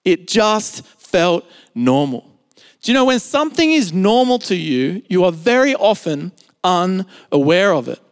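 A man's voice: high-pitched, very animated, measured pace, clear, resonant tone, big-room sound. A man with an Australian accent preaching a sermon in a conversational, storytelling way, full of filler words. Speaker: pastor. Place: church service, streamed.

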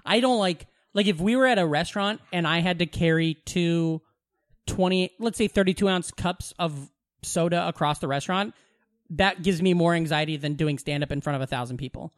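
A man co-hosting a podcast in casual chat, telling lively stories and acting out quotes with frequent laughs. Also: fairly high pitch, fairly quick, no room sound, studio quality. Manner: animated storyteller, laughs often, acts out quotes. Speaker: podcast co-host.

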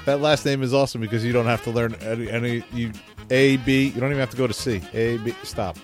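A man banters on a podcast, ribbing his co-host with dry jokes. Faint music sits low in the background. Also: steady tone, fast. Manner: joking, teasing banter. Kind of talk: casual chat.

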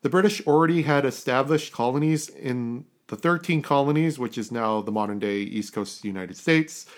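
A man's voice: mid-range voice, moderate pace. A man from Canada hosting a casual history podcast, rambling, correcting himself and chuckling at his own asides. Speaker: podcast host.

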